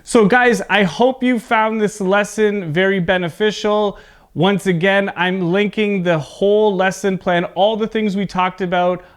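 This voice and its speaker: A middle-aged man teaching an English pronunciation lesson, speaking slowly and clearly in an encouraging way. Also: sits high.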